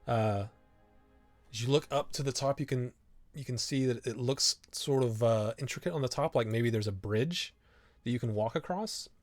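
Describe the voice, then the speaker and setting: Halting male game master narrating. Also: mid-range voice, dry recording, faint music behind. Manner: halting, with many fillers and restarts.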